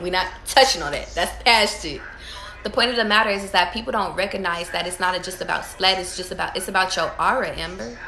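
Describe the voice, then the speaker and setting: A woman's voice: mid-range voice, pushed and bright, roomy sound. A woman giving casual tarot readings to her viewers, talking emphatically with lots of profanity, repeating and restarting her phrases. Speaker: tarot reader.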